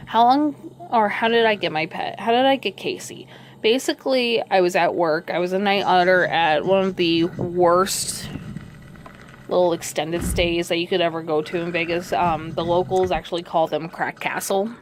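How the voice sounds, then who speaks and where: Hoarse woman rambling through a story. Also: lowish voice, normal speed, slight background noise. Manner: rambling, swears casually. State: hoarse, voice worn out. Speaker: video creator telling a pet story. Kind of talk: casual storytelling.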